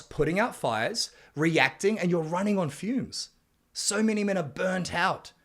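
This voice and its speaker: Man, slightly higher voice, blunt motivational coach who swears and pushes hard on key points. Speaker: men's coach narrating his book chapter. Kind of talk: motivational self-help reading.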